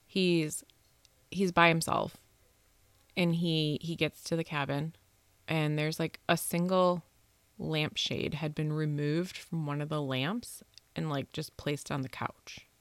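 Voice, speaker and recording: Woman host, low fry-heavy voice, animated casual spooky storytelling. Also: slow pace, dry recording. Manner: animated, swears freely, acts out quoted voices. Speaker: podcast host telling a ghost story.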